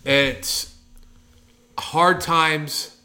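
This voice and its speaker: A man's voice: fairly high pitch, fairly even intonation, drawn-out words, bright, forceful tone. A man in casual chat as a podcast co-host, ranting emphatically and swearing a lot.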